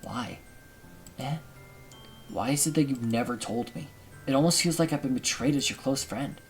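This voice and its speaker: A man's voice: medium pitch, moderate pace, faint music behind, lightly acted. A man reading aloud the lines of a caring teenage boy, the protagonist of a visual novel, in an earnest, pleading way. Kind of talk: reading game dialogue aloud.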